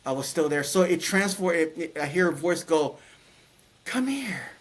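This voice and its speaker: Middle-aged man, a touch high-pitched, halting and rambling storyteller. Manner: rambling, halting, many restarts and fillers. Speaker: guest telling his near-death story. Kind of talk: casual storytelling interview.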